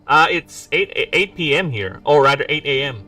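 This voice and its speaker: A man's voice: on the high side, expressive, moderate pace, bright, forceful tone. A man in his forties from the Philippines, an indie game developer chatting casually on a livestream, reading lore aloud with rambling, self-mocking jokes. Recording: distant mic with background music.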